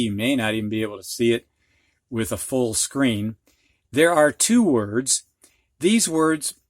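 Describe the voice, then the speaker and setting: Middle-aged guy teaching reading, talks real slow and patient, dry sound. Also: medium pitch, no echo. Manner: patient, spells out letters step by step. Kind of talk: instructional video lesson.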